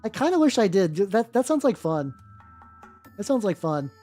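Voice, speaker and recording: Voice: mid-range voice, sing-song, normal speed, dark tone, soft background music. A miniature-painting streamer chatting casually with viewers while working, rambling with many restarts, swearing offhandedly and greeting chat by name.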